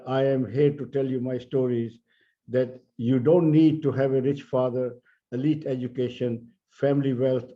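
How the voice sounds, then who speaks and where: Older man, Indian English accent, deep dark tone, steady emphatic keynote speech, muffled recording. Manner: earnest, measured, emphatic on key words. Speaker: keynote speaker. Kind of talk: conference speech. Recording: dull lo-fi audio.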